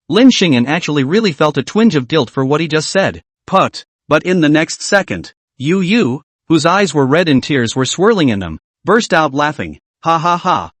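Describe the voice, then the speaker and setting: Lively male recap narrator. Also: on the high side, dry recording.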